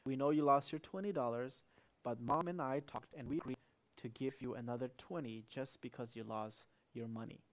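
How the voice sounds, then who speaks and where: A man voicing a patient father who speaks low and steady in a sermon story. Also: moderate pace, natural voice. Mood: calm.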